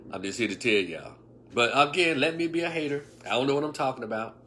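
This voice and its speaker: A man's voice: mid-range voice, animated, fast, pushed and bright. A man in his fifties talking casually on a livestream, emphatic and preachy, with sarcastic remarks and muttered asides. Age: 50s. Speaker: online commentator. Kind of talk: casual livestream opinion talk.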